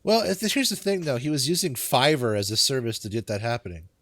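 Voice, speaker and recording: A man co-hosting a casual gaming podcast, talking in an animated, self-mocking way. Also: mid-range voice, a little fast, no room sound. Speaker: podcast co-host.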